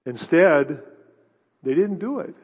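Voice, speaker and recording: A pastor preaching a sermon with dramatic storytelling and stammered restarts, recorded in a church hall. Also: male voice, fairly high pitch, animated, slow, slightly rough. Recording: long reverb, dull lo-fi sound.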